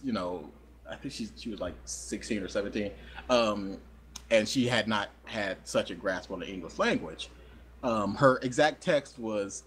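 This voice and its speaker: A man's voice: lowish voice, a little hiss or hum. A young man co-hosting a podcast, telling a rambling, self-deprecating story in casual chat. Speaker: podcast co-host.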